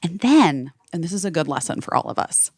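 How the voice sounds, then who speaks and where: A woman's voice: low voice, brisk, breathy edge, no echo, clean studio sound. A woman hosting a podcast, telling a story in casual chat with lots of fillers. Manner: animated storytelling with many "like" fillers. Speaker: podcast host.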